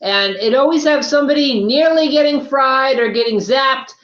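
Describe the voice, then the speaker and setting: High-pitched man from Maine, echoey. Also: moderate pace, fairly bright tone. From Maine, USA. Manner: wry storyteller, acts out quotes. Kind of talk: casual chat. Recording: echoey, dull lo-fi stream audio.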